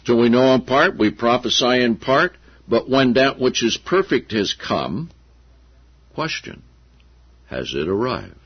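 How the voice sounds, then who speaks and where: A man preaching a sermon, telling stories with animated voices for the people he quotes. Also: medium pitch, measured pace, breathy edge. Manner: animated storytelling, acting out quotes. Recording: dull lo-fi sound.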